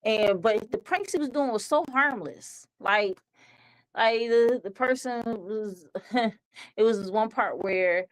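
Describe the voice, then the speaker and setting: A woman's voice: medium pitch, poor audio. A woman hosting a web talk show who rambles conversationally, padding her thoughts with "like" and "you know".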